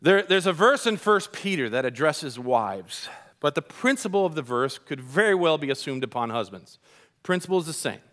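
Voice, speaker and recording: A man's voice: a little high, very animated, normal speed, fairly bright tone. Storytelling male pastor preaching. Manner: storytelling, acts out dialogue. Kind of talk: sermon.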